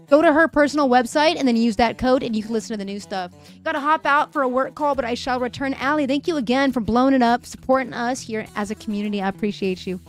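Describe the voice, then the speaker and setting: A young woman hosting a live stream, chatting casually and reading viewer messages aloud with frequent laughs, her voice a little worn. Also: on the high side. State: voice a bit fried. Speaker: livestream host. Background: faint music.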